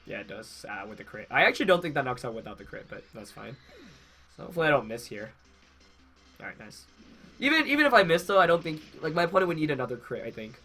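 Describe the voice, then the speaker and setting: A congested young man talks through his match in a bright, forward voice, thinking aloud and correcting himself as he goes. Faint music plays underneath. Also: a little high, very animated, fast talker. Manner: thinks aloud with many fillers and self-corrections. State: congested from a cold. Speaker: game commentator. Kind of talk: casual play-by-play commentary.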